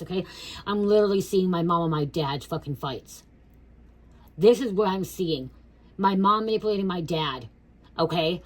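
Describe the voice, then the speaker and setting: Low-voiced, blunt woman tarot reader. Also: brisk, pauses often. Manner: blunt, profane, keeps asking "okay?". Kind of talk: casual spiritual reading.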